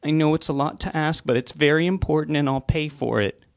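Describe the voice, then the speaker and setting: Guy doing a tearful mom voice, pitched way up, gravelly edge, dry close sound. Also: brisk, no room sound. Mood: pleading. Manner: tearful, insistent. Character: grieving, pleading middle-aged mother.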